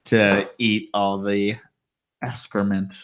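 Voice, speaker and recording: A man's voice: fairly low pitch, little pitch movement, takes it slowly. A man hosting a reptile podcast in casual chat, joking and swearing freely. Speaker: podcast host.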